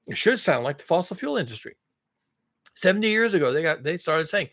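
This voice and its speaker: A man giving sarcastic spoken commentary, swinging from mock-alarmed outbursts to low muttered asides and correcting himself as he rambles. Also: very animated, fairly quick, gravelly, fairly bright tone, slightly rough. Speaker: climate commentary channel host.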